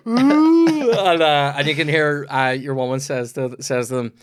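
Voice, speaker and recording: A man's voice: mid-range voice, normal speed. Sweary Northern Irish man telling stories. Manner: sweary, rambling storyteller. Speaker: comedian podcast host. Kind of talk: casual chat.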